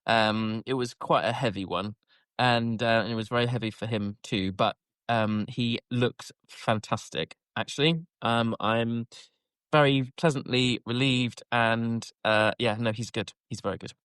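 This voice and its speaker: A man's voice: mid-range voice, fairly even intonation, measured pace, fairly bright tone, clear, resonant tone, dry recording, clean studio sound. Rambling male podcast co-host. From England. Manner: rambling storyteller, laughs often. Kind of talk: casual chat.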